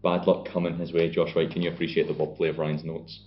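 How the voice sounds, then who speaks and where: Scottish lad on a podcast, real low voice, kinda muffled lo-fi sound, sweary banter. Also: male voice, little pitch movement, quick pace. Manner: banterous, swearing, acts out scenes in put-on voices. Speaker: podcast co-host. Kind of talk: casual chat. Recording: dull lo-fi sound.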